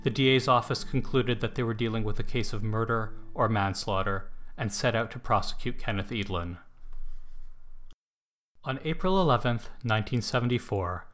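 A man hosting and narrating a documentary in a calm, scripted reading. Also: on the low side, fairly quick. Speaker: host and narrator.

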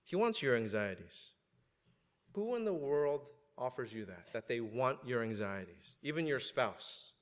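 A male pastor preaching a sermon, animated and joking at times, swinging up to loud emphasis. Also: medium pitch, a little slow. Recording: long hall reverb.

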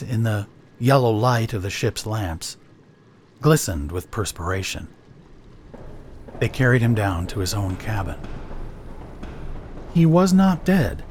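Expressive male audiobook narrator. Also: mid-range voice, slight background noise. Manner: expressive storytelling.

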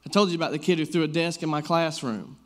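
A man's voice: fairly high pitch, quick pace. A man in his thirties preaching a casual sermon, telling personal stories in a loose, conversational way full of fillers. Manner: conversational, storytelling, many fillers like "like".

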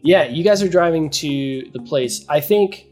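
A man's voice: on the high side, a little slow, a little mellow, faint music behind. A man narrating as game master of a tabletop role-playing game, loose and giggly with frequent restarts.

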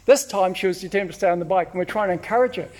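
Animated New man preaching. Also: high-pitched, racing. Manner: animated storytelling, acts out shouts and repeats words. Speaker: pastor. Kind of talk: sermon with personal stories.

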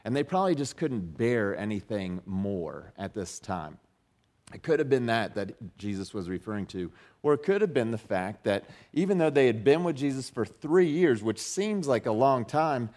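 A man's voice: medium pitch, darkish tone. Conversational male pastor preaching. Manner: conversational, many restarts and fillers, rising emphasis on quotes. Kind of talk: sermon.

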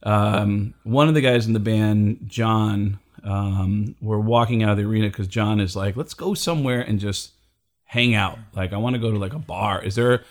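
A middle-aged man casually telling a comedy story, acting out the people he quotes with big jumps in pitch. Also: steady tone, moderate pace. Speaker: comedian guest.

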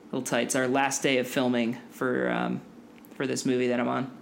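A man's voice: mid-range voice, monotone, brisk, creaky, slight background noise. Easygoing young man who laughs often. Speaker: podcast co-host. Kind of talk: casual podcast chat.

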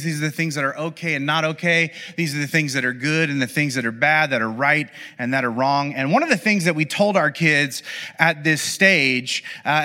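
A man tells a story to a gathered audience in a loose, chatty way, padding his sentences with fillers and asides. His voice sits a little high and sounds bright and forceful. It rings with the long reverb of a large hall. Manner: conversational, loose and rambling with many fillers. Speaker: speaker addressing an audience. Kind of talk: storytelling talk.

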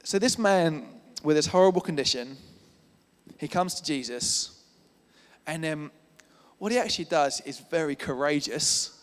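A man's voice: on the high side, unhurried. A man preaching a sermon in a casual, conversational way, often repeating words as he builds his points. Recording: church hall reverb.

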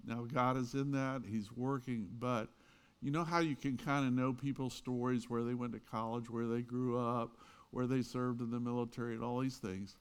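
A man's voice: mid-range voice, fairly even intonation, normal speed, smooth. A man, a pastor, giving a conversational sermon in a church, telling stories with frequent fillers and asides.

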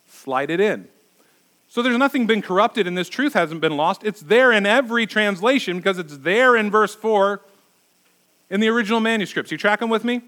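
A man's voice: sits high, a bit bright. A man preaching as a pastor, conversational and emphatic, asking his listeners rhetorical questions. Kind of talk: sermon.

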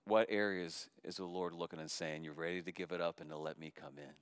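A man, a middle-aged pastor, preaching a sermon that moves between loud impassioned calls and soft, hushed appeals. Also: sits low, steady tone, a little fast, smooth, no room sound, studio quality.

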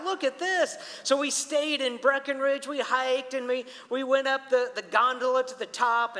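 Bright high-voiced man preaching in a hall. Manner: storytelling, animated, addresses people directly. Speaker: pastor. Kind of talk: sermon with personal story. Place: church hall. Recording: long hall reverb.

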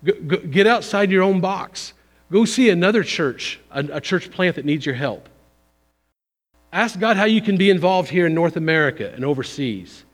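A man's voice: animated, moderate pace. Folksy preaching man in a reverberant church. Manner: conversational, folksy, rising emphasis then dropping low. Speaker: visiting missions speaker. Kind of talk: sermon. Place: church sanctuary. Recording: long hall reverb.

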